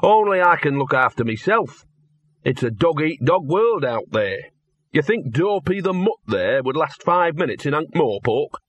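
A man's voice: fairly high pitch, sing-song, normal speed, no echo, dull audio, pitched above the performer's own voice. A man voicing a scruffy, streetwise talking dog who grumbles and drawls in working-class dialect, read from an audiobook. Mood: boastful.

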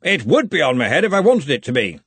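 A lordly old wizard who blusters, pitched high and pushing his words hard, as a man puts him on for the storybook. His tone is testy and superior, and his voice has a husky grain. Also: very animated, quick pace, fairly bright tone, no room sound, exaggerated voice. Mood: haughty. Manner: haughty, overbearing, testy. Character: pompous, blustering old male wizard head.

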